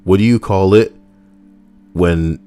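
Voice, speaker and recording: A man's voice: deep voice, slow pace, dark tone, clear, resonant tone, soft background music. A man streaming and chatting casually, joking and rambling in a goofy way.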